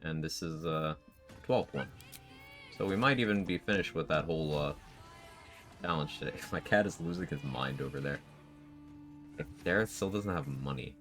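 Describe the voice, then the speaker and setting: A man's voice: a bass voice, normal speed, vocal fry, long pauses, a bit bright, soft background music. A man streaming a game live, chatting casually in a sleepy, laid-back way, laughing often and swearing now and then. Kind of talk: casual live-stream chat over gameplay.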